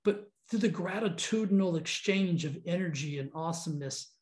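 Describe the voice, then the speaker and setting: A man with a high-pitched voice delivers an earnest motivational monologue as a podcast host. He speaks fervently, repeating phrases and restarting lines as he builds momentum. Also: brisk.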